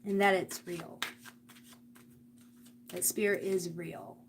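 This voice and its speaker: A woman's voice: fairly low pitch, fairly even intonation, slow pace, a little hiss or hum. A woman giving a live tarot and oracle card reading, speaking earnestly and directly to the viewer about spirit and energy.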